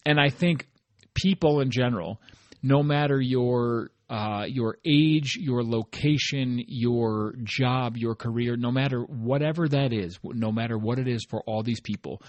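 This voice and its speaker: A man's voice: medium pitch, normal speed, a little mellow, dry recording. A man hosting a motivational solo podcast, talking conversationally and often checking in with "right?". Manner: conversational, often adds "right?" tag questions; earnest and encouraging. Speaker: podcast host.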